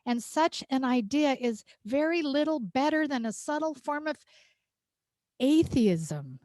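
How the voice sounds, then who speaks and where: A woman's voice: a little high, no room sound. A woman minister giving a heartfelt, emphatic sermon, laughing often as she speaks. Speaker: senior minister. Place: church sanctuary.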